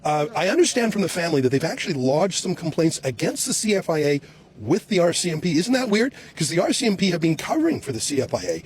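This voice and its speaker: A man reporting outdoors on the street, loudly and sarcastically firing questions at police officers. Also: a little high, slightly rough.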